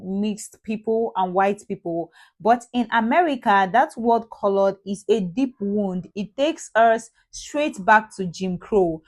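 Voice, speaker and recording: A woman hosting a reaction channel, giving measured, earnest explanatory commentary. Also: mid-range voice.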